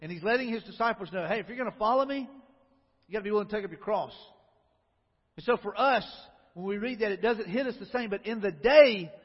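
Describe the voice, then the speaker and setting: Through lo-fi audio with a long hall reverb, a male pastor talks to the congregation in a conversational sermon, asking them questions. He has a high-pitched, husky voice and a quick delivery.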